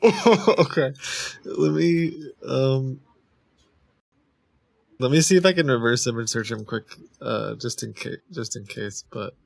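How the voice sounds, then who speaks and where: A man's voice: mid-range voice, fairly even intonation, a little slow, gravelly, dry recording. A man streaming live, chatting casually into a close desk microphone, joking and laughing often as he talks.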